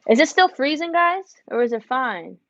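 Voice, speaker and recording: A woman's voice: high-pitched, big pitch swings, fairly bright tone, dry recording, lo-fi sound. Chatty middle-aged woman live-streaming. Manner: chatty and quick, chatting to viewers with laughs. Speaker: embroidery business owner hosting a live stream. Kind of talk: casual live-stream chat while working. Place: home craft studio.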